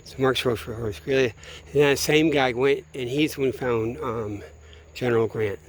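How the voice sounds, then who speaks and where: A man thinking out loud on a night walk outdoors, swearing often and stopping to grope for names as he meanders from one point to the next. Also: medium pitch, a little hiss or hum. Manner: profane, meandering, searching aloud for names. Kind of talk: rambling late-night monologue.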